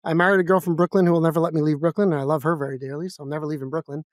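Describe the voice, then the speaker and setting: A man with a New York accent, a guest in a casual interview, talking fast and bluntly with lots of energy. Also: fairly high pitch, steady tone, dry recording, clean studio sound. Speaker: guest, financial advisor. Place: office.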